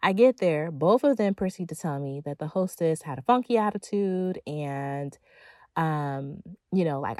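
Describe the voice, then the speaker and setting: A woman's voice: sits low, lively intonation, unhurried, a little mellow, no echo. A woman giving a motivational monologue as a feminine energy coach, emphatic and casual, with slang and playful asides.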